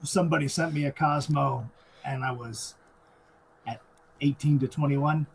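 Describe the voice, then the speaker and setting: A man's voice: a little high, fairly even intonation, a little slow, creaky. Chatty male co-host, faint background noise. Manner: chimes in, acts out characters' lines. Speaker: podcast co-host. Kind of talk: casual movie review chat.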